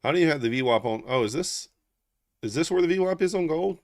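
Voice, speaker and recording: A man's voice: fairly high pitch, expressive, fast, darkish tone, dry recording, studio quality. A man hosting a live trading stream, thinking aloud in casual, half-murmured commentary. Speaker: trading livestream host.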